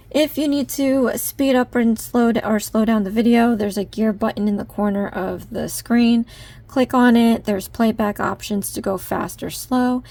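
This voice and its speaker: Chatty lady walking you thru crochet steps, kinda gravelly voice, lots of ums. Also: medium pitch, a little mellow. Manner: chatty, with frequent ums, addresses viewers as you guys. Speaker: crochet tutorial host. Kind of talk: casual step-by-step tutorial.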